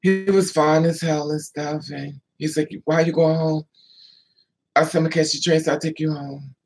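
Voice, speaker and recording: A woman's voice: deep voice, steady tone, normal speed, a little mellow, slightly rough, rough recording. A woman telling stories in a loose, chatty way, stopping to answer viewers by name. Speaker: livestream host. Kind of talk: casual storytelling chat.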